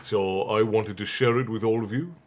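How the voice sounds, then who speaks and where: A man's voice: on the low side, steady tone, moderate pace. Chatty man hosting a livestream. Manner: chatty, laughs often, reads out viewer messages. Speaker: livestream host. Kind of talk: casual livestream chat.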